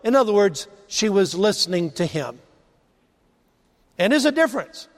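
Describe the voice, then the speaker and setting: A man preaching a sermon, rising to emphasize points and dropping low and quiet on key phrases. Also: very animated, normal speed, big-room sound.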